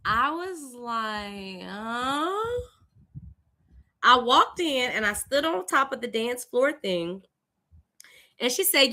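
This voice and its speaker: A young woman from Louisiana with a Southern accent, hosting a live stream and telling a personal story in an animated, conversational way. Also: on the high side, slow pace, pauses often. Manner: animated, conversational, with lively voiced greetings. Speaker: host.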